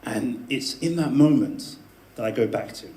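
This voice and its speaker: A man telling a personal story to a live audience in a debate speech, animated, with laughing asides and emphatic peaks. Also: mid-range voice, normal speed. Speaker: debate speaker. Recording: echoey room with faint ambience.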